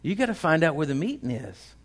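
A man's voice: a little high, very animated, a little fast. A male pastor, preaching a sermon in a folksy, conversational way that builds in intensity.

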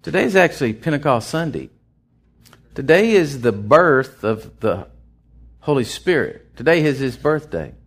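A pastor delivers an unscripted sermon in a medium-pitched voice at a measured pace. He's animated, acting out the different voices in his stories as he goes.

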